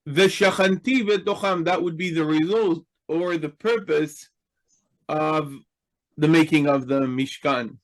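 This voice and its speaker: A man's voice: a little high, steady tone, slow, rough recording. A man teaching a Hebrew grammar class, explaining patiently and checking in with his students.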